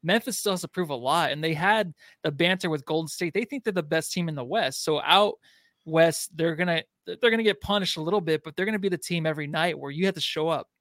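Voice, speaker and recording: A man's voice: on the high side, quick pace, fairly bright tone, dry recording. Easygoing man chatting sports. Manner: easygoing, laughs often. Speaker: podcast co-host. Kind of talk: casual sports talk.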